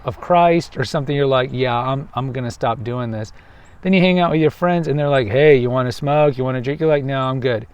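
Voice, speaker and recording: A man's voice: mid-range voice, a little mellow. Texan guy rambling on a walk outside, emphatic, keeps restarting, acts out other people now and then. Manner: emphatic, self-correcting, acts out quoted voices. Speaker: podcast host. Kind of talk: outdoor monologue. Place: outdoors on a waterfront path.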